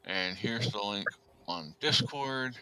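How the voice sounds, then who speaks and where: A man's voice: lowish voice, slow pace, sharp tone, clean tone, rough recording. A man hosting a casual podcast chat, rambling with lots of fillers and speaking bluntly. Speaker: podcast host.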